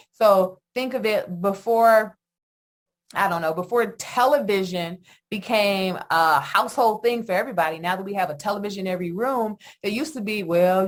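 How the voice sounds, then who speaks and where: A middle-aged woman hosting a solo podcast on attachment, talking in an animated, emphatic way with lots of rhetorical questions. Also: medium pitch. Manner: animated, emphatic, often asks "guess what" and "right?". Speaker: podcast host, attachment educator.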